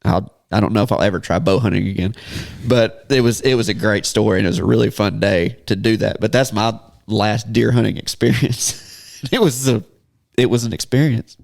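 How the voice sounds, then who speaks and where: A man's voice: fairly low pitch, brisk, gravelly, darkish tone. Chuckling man telling a story. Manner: laughs often while telling a story. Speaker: podcast host. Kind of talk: casual storytelling chat.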